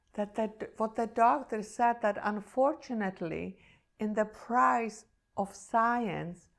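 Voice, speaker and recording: A woman's voice: mid-range voice, creaky. A woman who teaches meditation, telling a personal story in an earnest, emotional and reflective way.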